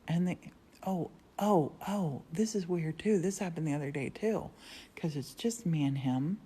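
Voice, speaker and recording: Husky, mellow woman chatting on a live stream. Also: lowish voice, normal speed. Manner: rambling, chatty storytelling with frequent laughs. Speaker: livestream host. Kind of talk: casual live-stream chat. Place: quiet converted church studio, indoors. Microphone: phone livestream.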